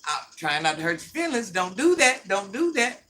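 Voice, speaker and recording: A woman's voice: medium pitch, big pitch swings, moderate pace, pushed and bright, slight background noise. A middle-aged woman hosting a livestream, ranting bluntly at viewers and repeating her points like a sermon. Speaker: livestream host.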